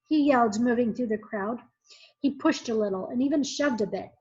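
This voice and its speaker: Teacher reading a chapter book aloud to her class, a fairly high woman's voice, expressive and measured, on a muffled, lo-fi recording.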